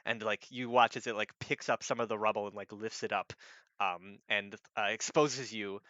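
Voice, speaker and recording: A man narrating a tabletop game as game master, halting and full of fillers. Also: on the low side, fairly even intonation, bright, forceful tone, no echo, muffled recording.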